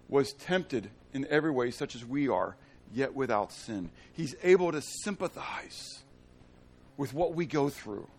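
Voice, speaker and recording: A middle-aged man preaching a sermon, asking his congregation questions, swinging between loud emphasis and hushed tones. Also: mid-range voice. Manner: asks the congregation fill-in-the-blank questions. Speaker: pastor.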